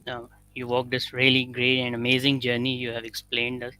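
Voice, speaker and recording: A man's voice: medium pitch, completely flat delivery, a little fast, sharp tone, low-quality recording. A man hosting an interview, speaking to his audience with enthusiasm as he praises the guest and reads out a viewer's question. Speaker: host.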